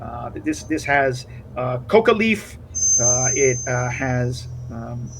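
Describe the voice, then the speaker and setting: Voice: medium pitch, lively intonation, takes it slowly, slight background noise, poor audio. Hesitant game master narrating a tabletop game. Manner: hesitant, many fillers.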